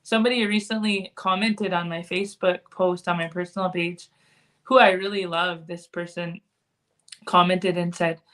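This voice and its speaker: Her voice is lowish, steady, and fairly bright, moving at a normal speed. She's a podcast guest in relaxed conversation, frank and open, now and then letting a swear word slip.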